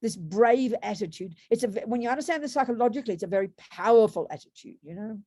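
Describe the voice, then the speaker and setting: A woman's voice: on the high side, lively intonation, quick pace, mellow, dry recording. A woman giving a Buddhist dharma talk to students, conversational, with rhetorical tag questions and frequent restarts. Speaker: Buddhist meditation teacher.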